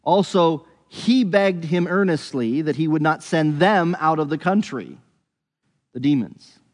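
A man's voice: a little high, animated, unhurried, long reverb tail. A man giving a conversational Bible teaching, thinking aloud with frequent restarts and hedges.

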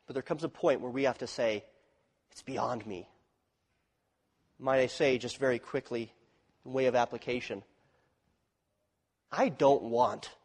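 A man preaching a sermon as pastor, dropping to hushed low phrases and then rising to loud, emphatic points. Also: in a large hall.

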